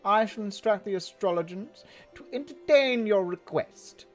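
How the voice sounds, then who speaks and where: A gamer voicing a stuck-up British nobleman in a put-on British accent, haughty and formal, with a lively, swooping delivery. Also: mid-range voice, normal speed, faint music behind, voice pushed up, close to an everyday voice.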